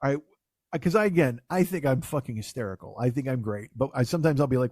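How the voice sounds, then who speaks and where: A man's voice: medium pitch, fast, darkish tone, dry recording, studio quality. A middle-aged man hosting a comedy podcast, talking in a profane, self-mocking way and acting out voices when he quotes people. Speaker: podcast host. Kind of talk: casual comedy podcast banter.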